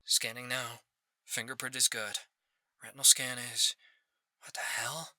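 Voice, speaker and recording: A man voicing a nervous young man in disguise as a bank manager, speaking low and hushed. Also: level tone, a little slow, dry recording.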